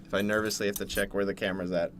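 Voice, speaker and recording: A man from Canada, streaming casually from home while eating, jumping from loud yelps to low mumbles. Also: very fast, a little hiss or hum. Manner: excitable, jumps to loud yelps then mumbles. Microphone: desk mic, no headset.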